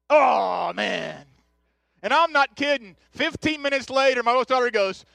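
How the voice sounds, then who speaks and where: A pastor in his thirties gives a chatty, joking sermon in a church, speaking directly to the people in the pews. His voice sits high for a man, and it sounds dry and close with little room sound. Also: normal speed, creaky, bright, forceful tone, no echo. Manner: joking, chatty, talks straight to the congregation. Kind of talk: conversational sermon. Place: church sanctuary.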